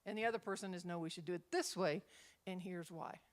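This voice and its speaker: A woman's voice: lowish voice, quick pace. A middle-aged woman minister leading a Bible study, telling stories and acting out the voices in them. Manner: animated storyteller, acts out quotes.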